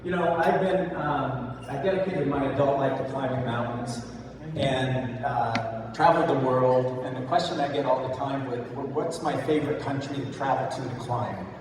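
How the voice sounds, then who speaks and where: A man in his sixties from the United States giving a keynote speech, talking in a relaxed, plainspoken way. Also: medium pitch, normal speed. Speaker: keynote speaker. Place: large event hall. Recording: echoey hall, distant mic, audible noise.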